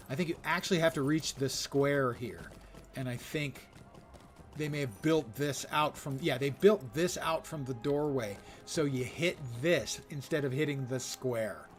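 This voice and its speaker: Older male streamer with a mid-range voice, wry chatty commentary over faint game music. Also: mid-range voice. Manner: chatty, wry, muttering asides to chat. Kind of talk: casual gameplay commentary.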